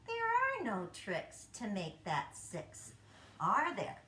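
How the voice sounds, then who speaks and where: A woman's voice: medium pitch, huge pitch swings, unhurried, a bit bright. A young woman teaching young children, upbeat and encouraging as she counts aloud in a sing-song way. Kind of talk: children's lesson, counting and letters. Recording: echoey room.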